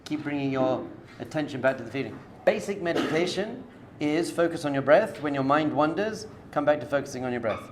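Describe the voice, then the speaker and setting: A man's voice: on the high side, expressive, fairly quick, few pauses, background noise. A man, a rabbi, giving an informal spoken lecture to a live group, coaching them directly with everyday analogies in a conversational tone. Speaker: rabbi teaching a class.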